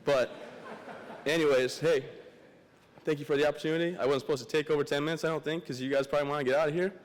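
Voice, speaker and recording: A man's voice: a little high, fairly even intonation, fast. A young man from Michigan giving an emotional, tearful memorial speech as a guest speaker, plain-spoken and heartfelt. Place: large hall. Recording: long hall reverb.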